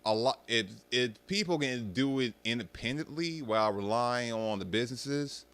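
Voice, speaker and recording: A young man ranting casually to his viewers, swearing freely and mocking people in an animated way. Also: mid-range voice, normal speed, smooth. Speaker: streamer talking about arcade rhythm games.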